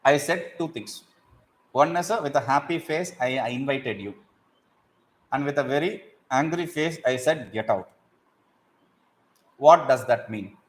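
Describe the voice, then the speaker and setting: Animated man teaching scripture. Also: mid-range voice, normal speed, low-quality recording. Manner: animated, acts out examples, chants Sanskrit verses. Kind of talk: explaining Sanskrit verses in a class.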